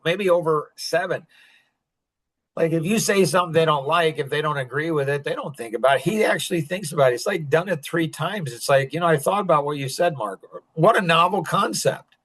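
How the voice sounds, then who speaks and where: Male podcast host, slightly high pitch, loose rambling delivery with frequent chuckles. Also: brisk, a bit bright. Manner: rambling, chuckling, heavy use of "like". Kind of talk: casual podcast chat.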